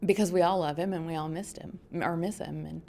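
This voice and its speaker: Low, gravelly-voiced middle-aged woman. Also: fairly even intonation, warm tone. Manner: halting, reflective, many ums and restarts. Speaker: mother sharing a testimonial. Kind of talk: personal testimonial.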